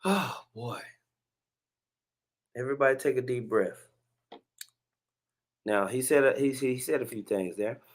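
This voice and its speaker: A man's voice: medium pitch, measured pace, long pauses. A man hosting a religious commentary video, talking in a laid-back, slangy way with laughing asides. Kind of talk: casual commentary.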